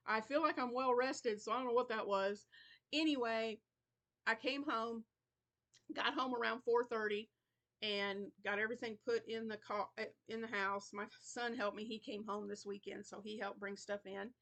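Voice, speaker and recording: A woman's voice: mid-range voice, pushed and bright. A middle-aged woman hosting her crochet channel in casual, rambling chat, tired and yawning now and then. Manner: chatty, rambling, yawns and laughs between thoughts.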